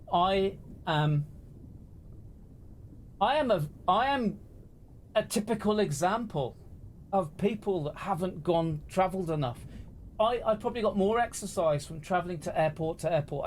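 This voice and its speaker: Man, livestream rant, impassioned, swearing, a bit high-pitched, faint rumble behind. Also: darkish tone. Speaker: DJ talking to livestream viewers.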